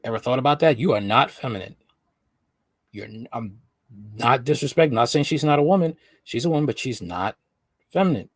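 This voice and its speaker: A man's voice: medium pitch, expressive, fairly quick, no room sound. A man hosting a reaction commentary, talking in an emphatic, lecturing way and repeating his points. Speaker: host.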